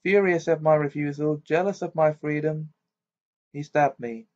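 A man's voice: on the high side, steady tone, normal speed, a little mellow, pitched above the performer's own voice, natural voice. A man reading the lines of a proud, bitter female ghost in an amateur audiobook, with a stiff, clipped delivery. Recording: dull lo-fi recording.

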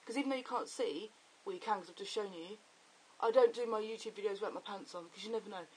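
A young man chatting excitably and rambling in a casual video diary. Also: high-pitched, fast, husky, poor audio. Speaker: vlogger.

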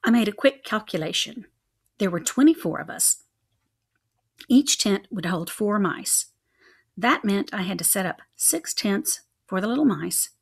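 Expressive woman reading a children's book. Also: medium pitch, a little slow, creaky, slightly rough. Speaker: reader.

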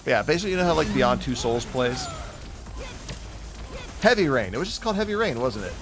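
A man's voice: medium pitch, sing-song, fairly quick, music in the background. A man commentating a fighting game stream, chatting casually and rambling with jokes. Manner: joking, rambling, breaks into silly put-on voices.

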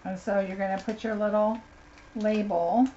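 A woman's voice: mid-range voice, fairly even intonation, moderate pace, dark tone. Gushing woman unboxing craft supplies. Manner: gushing, chatty, talks to viewers by name. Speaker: craft demonstrator. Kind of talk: live unboxing chat. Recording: slightly dull lo-fi sound, faint noise.

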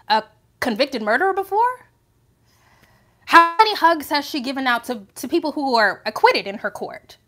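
Woman, live commentary host, high voice, emphatic, rhetorical questions. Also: pushed and bright.

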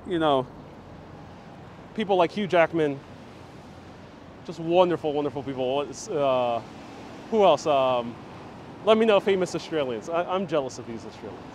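A man's voice: fairly high pitch, expressive, normal speed, long pauses, a little mellow, a little hiss or hum. Jokey man reading live chat on a tour. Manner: jokey, chatty, reacting to viewer comments. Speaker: host. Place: outdoors and in a busy city station. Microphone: handheld phone on gimbal.

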